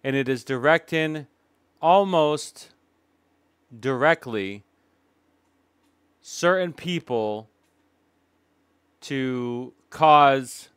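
Male reaction commentator, indignant and emphatic, smooth voice. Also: fairly high pitch, a bit bright, dry recording, clean studio sound. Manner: emphatic, indignant, with dramatic pauses. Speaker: commentary YouTuber.

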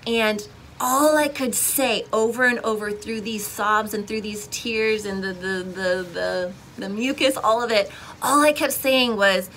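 A young woman sharing a personal faith testimony in casual, expressive storytelling, with emotional swings and frequent restarts. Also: medium pitch, measured pace, a little hiss or hum, poor audio.

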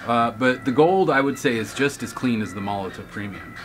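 A man's voice: medium pitch, expressive, a little fast, over music. A man hosting his own video, reading viewer comments aloud and answering with wisecracks and laughs. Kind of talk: casual chat.

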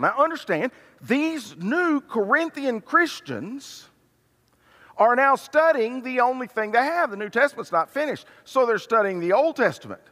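An older man preaching a sermon, swinging between loud, emphatic passages and hushed, tender ones. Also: very high voice, animated, unhurried. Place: church sanctuary. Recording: reverberant church hall.

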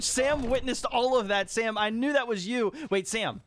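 A young man commentating his own gameplay, excitable and teasing as he calls out to other players. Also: sits high, quick pace, few pauses. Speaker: gaming YouTuber.

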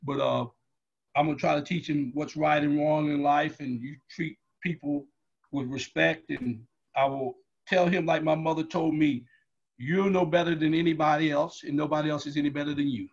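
A middle-aged man, a guest in an interview, telling personal stories loudly and acting out the dialogue. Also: on the high side, moderate pace, vocal fry, breathy edge. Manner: loud, animated, acts out dialogue in anecdotes. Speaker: guest, athletics staff member. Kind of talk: storytelling in an interview. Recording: muffled lo-fi audio.

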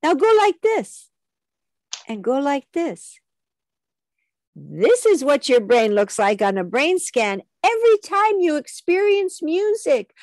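High-voiced woman leading a kids' music class. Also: sing-song, takes it slowly, a little mellow, no room sound, studio quality. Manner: call-and-response, sings along. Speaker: music teacher. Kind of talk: children's music lesson over video call. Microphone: video call.

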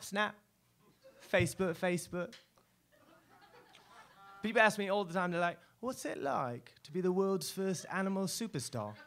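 A man's voice: high voice, fairly bright tone. A man voicing a chatty male lizard mascot, in a rambling, self-mocking spoken word performance on a club stage. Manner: breezy, rambling, self-mocking, full of fillers. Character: chatty male lizard mascot, showbiz-proud, secretly lonely. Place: live stage at a poetry club.

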